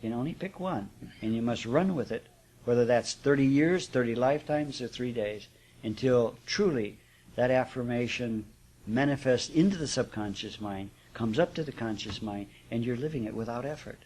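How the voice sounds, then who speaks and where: A man's voice: mid-range voice, normal speed, a little mellow. A man giving a live spiritual class talk to an audience, speaking conversationally with rhetorical check-ins and chuckles. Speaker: spiritual teacher.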